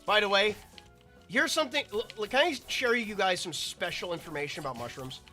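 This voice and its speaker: A man's voice: high-pitched, sing-song, brisk, bright, forceful tone, faint music behind. A man giving rambling, chatty commentary while playing a video game. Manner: rambling, chatty, self-interrupting. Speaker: gaming video creator. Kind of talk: casual gameplay commentary.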